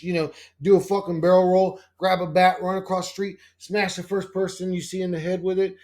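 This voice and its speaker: A man rambling casually as a channel host, swearing often and full of fillers and restarts. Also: a little mellow. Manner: acts out quoted dialogue in a higher voice.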